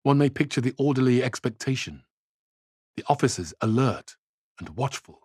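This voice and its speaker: A man reading a novel aloud in a measured, grave way, dropping low and quiet at the ends of phrases. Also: lively intonation, breathy edge, no echo, studio quality. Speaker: reader.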